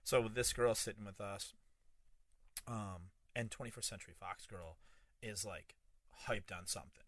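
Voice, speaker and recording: A man in his thirties co-hosting a podcast, telling a long anecdote in a casual, profane and animated way. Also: fairly low pitch, moderate pace, no room sound. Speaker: podcast co-host. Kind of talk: casual storytelling chat.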